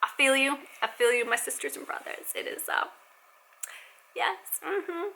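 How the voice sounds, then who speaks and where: A woman's voice: high voice, animated, normal speed, pushed and bright, a little hiss or hum. A woman vlogging from home as a mother, chatting casually and affectionately while folding laundry.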